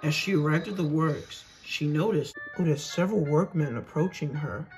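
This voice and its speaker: A narrator reading a fan-made storybook tale in a measured, steady way. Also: mid-range voice, music in the background, poor audio.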